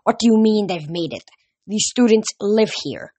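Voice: mid-range voice, expressive, normal speed, warm tone, dry recording, voice pushed up, close to an everyday voice. Brief: stern, snapping male schoolteacher with French accent, as a reader puts him on, dry close sound. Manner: snapping, harsh.

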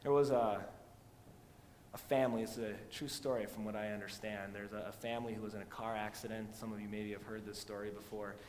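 A man preaching a sermon as pastor, moving from loud emphatic passages to quiet storytelling. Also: steady tone, fairly quick. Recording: long hall reverb with faint rumble.

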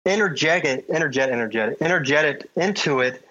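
A man with a slightly higher voice gushes about football broadcasts in a casual chat. His opinions come out with enthusiasm. The sound is muffled and lo-fi. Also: animated, fast, sharp tone. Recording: dull lo-fi sound.

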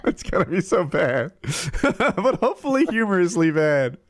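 Lively joking man in casual chat. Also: high-pitched, moderate pace, no room sound. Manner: joking, laughs a lot. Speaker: podcast co-host.

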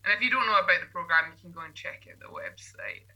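A woman's voice: lowish voice, sing-song, fast, bright, forceful tone, poor audio. A Scottish woman co-hosting a podcast, chatting casually with many ums and restarts. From Scotland. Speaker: podcast co-host.

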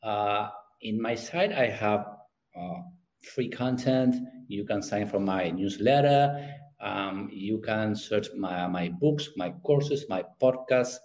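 A middle-aged man with a Spanish accent, a youth sports parenting coach who repeats words as he searches for his phrasing and grows animated when telling stories. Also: lowish voice, slow, low-quality recording. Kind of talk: conversational interview.

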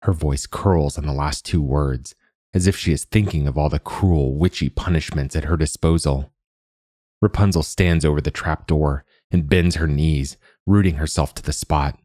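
Very deep-voiced male story narrator. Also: moderate pace, warm tone, no room sound, clean studio sound. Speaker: podcast host and story narrator. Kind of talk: scripted narration of a short story.

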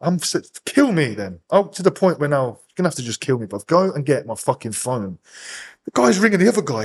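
English man, thirties, rapid-fire, slightly high voice, constant swearing, casual podcast storytelling. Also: sing-song, a little mellow, husky. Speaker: podcast guest.

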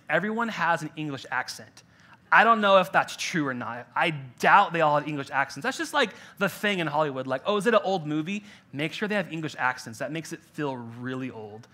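A young adult pastor with a fairly high, sharp voice delivers a conversational sermon at an in-person church gathering. He's jokey and loose, packing his talk with filler words.

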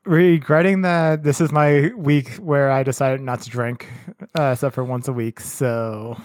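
A man's voice: mid-range voice, fairly even intonation, measured pace, darkish tone, dry recording, clean studio sound. A man co-hosting a casual podcast, telling stories in a laid-back way. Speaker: podcast co-host.

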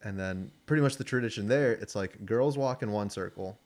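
A man's voice: on the low side, brisk, darkish tone. Laughing young man telling a story. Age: 20s. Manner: laughing often, acts out quoted voices. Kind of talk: casual storytelling chat.

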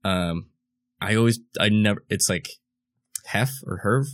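A man co-hosting a casual podcast in a lowish voice. He reads news aloud haltingly, stumbling through restarts and fillers. He slips in jokes as he goes. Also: no echo. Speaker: podcast co-host.

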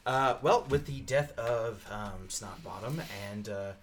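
A man voicing a fussy, businesslike male mage who represents a guild, halting with ums and restarts. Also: lowish voice, lightly acted. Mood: formal. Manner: hesitant, full of ums and restarts.

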